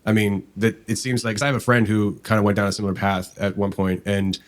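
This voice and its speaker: A man's voice: fairly low pitch, level tone, fast. A man hosting a casual interview and asking probing follow-up questions. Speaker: podcast host.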